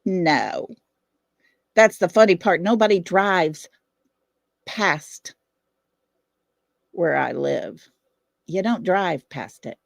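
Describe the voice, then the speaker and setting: A woman's voice: on the low side, extremely slow, vocal fry, long pauses, dry recording, clean studio sound. A middle-aged woman with a Southern US accent hosting a casual livestream chat, blunt, defiant and fiery. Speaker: livestream host.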